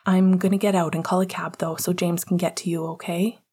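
A woman voicing a young man who is dazed and quietly worried, speaking flatly. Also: on the low side, a little fast, slightly rough. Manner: flat, subdued.

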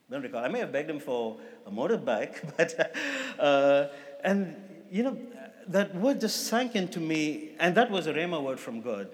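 A man's voice: on the high side, animated, moderate pace. A man giving a sermon as guest preacher, talking casually with asides and self-corrections. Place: church hall. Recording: long reverb of a church hall.

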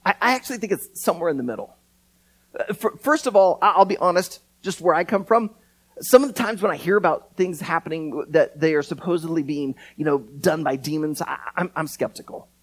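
A man preaching a sermon, animated and earnest, often repeating words as he starts a thought. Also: fairly high pitch, fairly quick, poor audio. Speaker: pastor.

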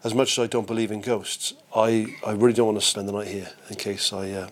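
A man's voice: fairly low pitch, level tone, brisk. A man co-hosting a comic ghost hunt, a blunt, teasing sceptic talking in an old pub at night. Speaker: co-host. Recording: echoey pub room, noisy.

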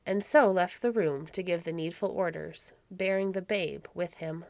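A woman narrating an old storybook in a steady, measured reading on a close mic. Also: lowish voice, vocal fry, dry recording. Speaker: audiobook narrator.

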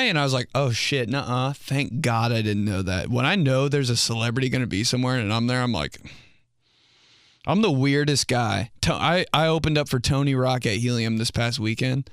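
A man's voice: medium pitch, fairly bright tone, clear, resonant tone, dry recording, clean studio sound. A young man on a podcast, rambling through a profane, self-mocking comedy monologue and acting out what he said.

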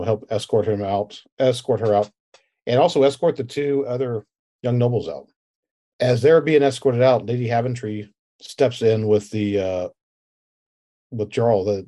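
A man's voice: on the low side, warm tone. A man narrating a tabletop game as game master, rambling casually with fillers like "and everything else.".

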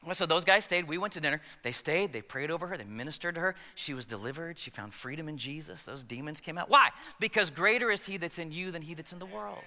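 A man's voice: on the high side, quick pace, few pauses, bright, forceful tone, big-room sound. A man preaching a sermon in a conversational way, with joking asides to the congregation. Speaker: pastor.

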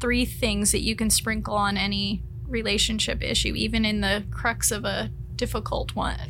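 A woman's voice: medium pitch, little pitch movement, normal speed, a bit bright, a little hiss or hum. A woman co-hosting a podcast, summarizing points and affirming the guest. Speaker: podcast co-host. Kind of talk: podcast conversation.

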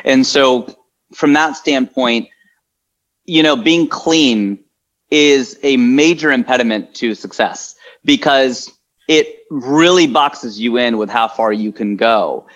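A man who is a comedian, chatting in an interview and telling stories in an animated way, jumping into high voices for quotes. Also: takes it slowly, highs cut off. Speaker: comedian guest. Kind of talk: casual interview talk.

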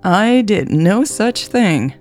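A woman's voice: medium pitch, very animated, takes it slowly, faint music behind, pitched above the performer's own voice. A woman voicing a blunt, teasing young sister. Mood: insistent. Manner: teasing, frank, gently insistent.

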